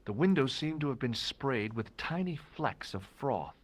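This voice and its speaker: An actor playing a wry, dry-humored American tourist hero who also narrates the game. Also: male voice, medium pitch, expressive, normal speed, close to an everyday voice.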